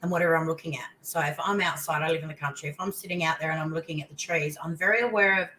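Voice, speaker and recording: An older Australian woman, fairly low-voiced, chats as a guest and tells her story with lively exclamations that jump up in pitch. Faint background noise hums behind her. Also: rapid-fire, rough recording. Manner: animated storytelling, voice leaping into exclamations. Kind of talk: casual interview chat.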